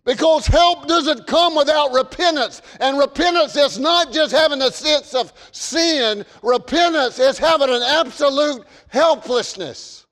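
Southern man preaching, very high voice, fervent, long church echo. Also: measured pace, hardly any pauses. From American South. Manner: fervent, shouts warnings then drops to folksy storytelling. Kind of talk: sermon.

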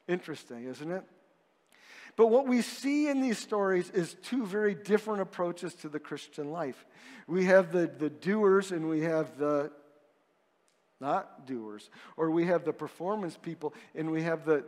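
A man's voice: high-pitched, darkish tone, long reverb tail. A male pastor preaching a sermon in a conversational way, posing rhetorical questions and swinging widely in emphasis.

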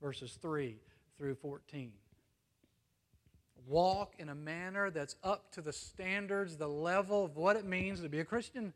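A man with an American accent preaching a sermon, earnest and emphatic, often dropping to a hush and asking "you see?". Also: a little high, measured pace, in a large hall. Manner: earnest, swings between emphatic and hushed, frequent "you see?". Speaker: pastor.

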